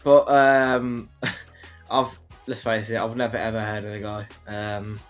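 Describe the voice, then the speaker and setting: A man co-hosting a casual football livestream, giving his opinions in a halting way full of restarts. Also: lowish voice, level tone, soft background music.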